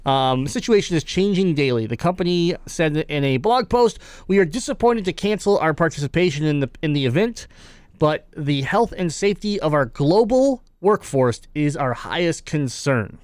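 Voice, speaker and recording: A male podcast host with a slightly high voice, chatting loosely and laughing often between jokes. He reads out quotes in a casual, offhand way. The sound is dry and close. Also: expressive, moderate pace, a little mellow, clean tone, dry recording.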